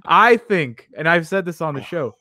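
A man's voice: fairly high pitch, animated, moderate pace, sharp tone, dry recording, studio quality. A man co-hosting a sports talk radio show, telling a funny story through laughter. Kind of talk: casual show banter.

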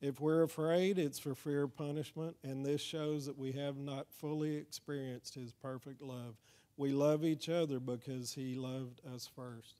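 A man's voice: medium pitch, fairly even intonation, a little slow, warm tone. A man with a Texas accent giving an evangelism training talk in a church, speaking conversationally and often asking the crowd "amen?". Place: church hall.

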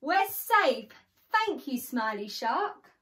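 A shrill crowd of tiny fish, as a woman cries them out. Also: very animated, slow pace, fairly bright tone, exaggerated voice. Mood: joyful. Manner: shrill, crying out. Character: crowd of small frightened fish.

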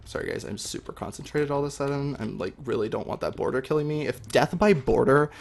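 A young man talking through his game as he plays, chatty and excitable, with lots of ums. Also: medium pitch, fast, gravelly, slight background noise. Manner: excitable, chatty, many fillers. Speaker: gaming video host. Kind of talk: live gameplay commentary.

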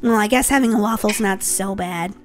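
A woman voicing Molly, a young girl who is excitable, jumpy and easily spooked, in a roleplay story. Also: mid-range voice, fairly quick, soft background music, pitched below the performer's own voice, lightly acted. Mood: grumbling. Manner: excitable, shrieks when scared.

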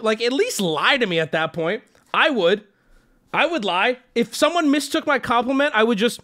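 A young adult man streaming, telling a story to his chat in a casual, swearing way, jumping into high yelps when he quotes himself. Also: expressive, normal speed, fairly bright tone.

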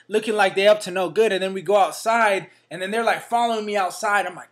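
Hyped slangy man, high voice. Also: fast talker, a bit bright. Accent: Northern California. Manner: hyped, slangy, peppers lines with "man" and "baby". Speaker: fitness vlogger. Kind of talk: casual vlog to camera.

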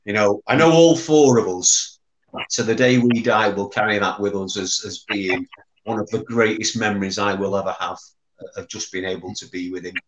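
Man halting over fond memories. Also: fairly low pitch, steady tone, roomy sound, muffled recording. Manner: halting, repeats words while recalling. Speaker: memorial foundation chairman. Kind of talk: reminiscing anecdote.

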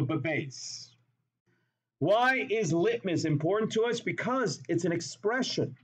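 A man's voice: high voice, muffled recording. A man teaching a chemistry class in a classroom, talking playfully and repeating words for emphasis. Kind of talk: classroom lecture.

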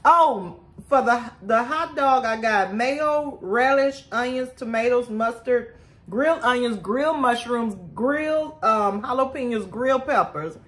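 A woman's voice: fairly high pitch, a little slow, fairly bright tone. A woman chatting to her viewers in a casual eating vlog, talking about her food as she eats. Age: adult with a son. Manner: chatty, keeps addressing viewers as y'all. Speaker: food vlogger.

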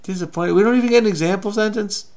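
A man's voice: high voice, rapid-fire, darkish tone. A man hosting a crossword-solving video, talking frenetically and muttering to himself as he searches. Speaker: crossword solver. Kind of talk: casual puzzle-solving commentary.

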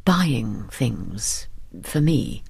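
A subdued male writer who avoids a quarrel, speaking in a low, quiet, steady voice with a creaky edge. A woman narrator reads him in an audiobook. He sounds worn down and patient. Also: drawn-out words, heavily acted. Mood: weary. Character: quiet weary male writer, evasive husband.

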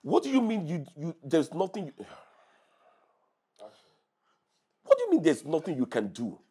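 An actress plays a steady partner calming a panicked loved one, repeating soothing commands. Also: female voice, low voice, brisk, slightly rough, heavily acted. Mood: insistent. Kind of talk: Nollywood film acting.

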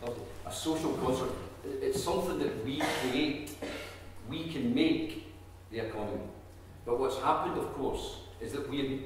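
A man's voice: medium pitch, a little hiss or hum. A man with a Scottish accent gives a chatty, jokey public talk to a community audience. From Scottish Highlands. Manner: jokey, chatty, self-deprecating. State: tired. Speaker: think tank chief executive speaker. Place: large echoey hall. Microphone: distant room mic. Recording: echoey hall, speaker far from mic.

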